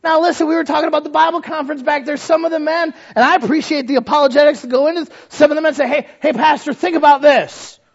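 A man with a fairly high voice preaches to his congregation in a relaxed, folksy manner, firing off rhetorical questions. The recording is dull and lo-fi. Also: racing, creaky, hardly any pauses. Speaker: pastor. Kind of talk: sermon.

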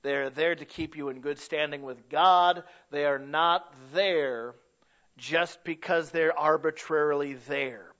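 A male preacher delivering a sermon with a high, bright voice. He tells homey stories, then swells into loud, emphatic preaching. The recording sounds dull and lo-fi. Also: fairly even intonation, measured pace.

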